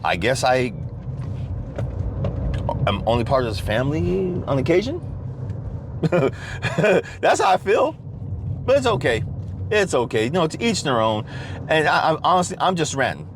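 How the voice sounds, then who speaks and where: A man's voice: a little high, a little slow, pauses often, slight background noise. A middle-aged man hosting his own podcast, ranting casually from his car, swearing heavily and restarting his sentences. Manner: animated, rambling, heavy swearing, frequent restarts. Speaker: podcast host. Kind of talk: casual profane rant. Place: in a car at a drive-through.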